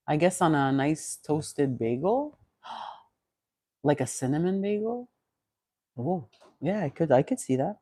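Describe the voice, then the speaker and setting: A woman's voice: low voice, animated, takes it slowly, pauses often, warm tone, slight background noise. A woman of fifty from Canada, vlogging in a chatty, rambling way with many restarts, close to a clip-on mic at home. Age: 50s. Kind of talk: casual chat.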